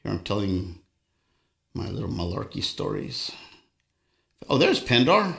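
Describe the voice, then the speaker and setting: A man's voice: on the low side, very animated, measured pace, creaky. An older man hosting a casual livestream, chatting between songs and telling rambling, folksy anecdotes. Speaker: livestream host and guitarist. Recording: echoey room with acoustic guitar.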